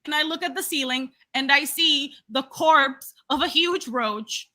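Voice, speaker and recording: A young woman co-hosting a podcast, telling a story in casual chat, animated and laughing, acting out other people's voices. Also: sits high, unhurried. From Latina. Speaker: podcast co-host.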